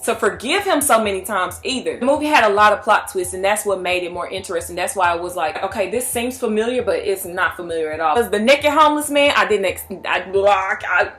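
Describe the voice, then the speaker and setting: Excited chatty young woman reviewing a movie. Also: mid-range voice, a little fast, hardly any pauses, soft background music. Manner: excited, chatty, with frequent restarts. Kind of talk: casual vlog review.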